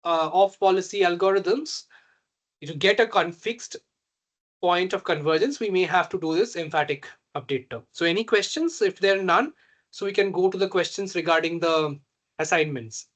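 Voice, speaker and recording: A man teaching a reinforcement learning tutorial, slow and halting, often pausing to check that students follow. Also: high-pitched, fairly bright tone. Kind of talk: online math tutorial.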